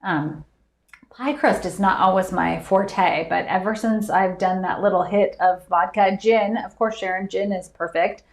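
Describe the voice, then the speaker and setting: A woman hosting a live trivia stream, chatty and quick to laugh as she reads out viewers' answers. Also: medium pitch, fairly even intonation, echoey room. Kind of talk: casual live-stream chat.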